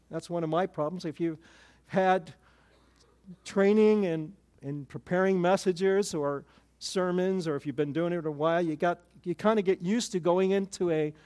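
A man's voice: high-pitched, a little mellow. An older man preaching a casual, conversational sermon, mixing scripture with personal stories and self-deprecating humor. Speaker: pastor.

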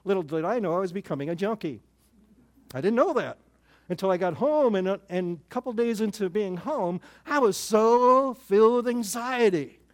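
Older man, high voice, pastor, conversational sermon, self-deprecating jokes. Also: lively intonation, fairly quick, darkish tone. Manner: informal, storytelling, self-deprecating humor.

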